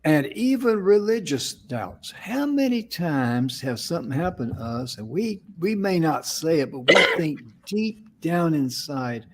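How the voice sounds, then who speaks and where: A man's voice: on the high side, big pitch swings, measured pace, few pauses. A man co-hosting a talk show, telling an inspirational story in a folksy, conversational way. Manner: folksy, affirming with frequent mm-hmms. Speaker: co-host.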